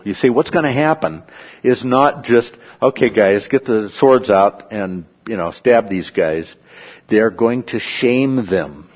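A man giving a Bible lecture, animated, checking in with "okay?" and "right?" and acting out the quotes he reads. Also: medium pitch, breathy edge, highs cut off. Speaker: Bible teacher. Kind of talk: lecture on scripture.

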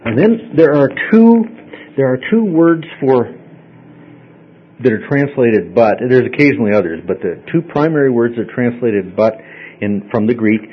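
A man's voice: mid-range voice, lively intonation, moderate pace, highs cut off, slight background noise. Conversational male Bible teacher. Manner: conversational, explains step by step, checks in with "okay?". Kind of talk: Bible study class teaching. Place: classroom with listeners.

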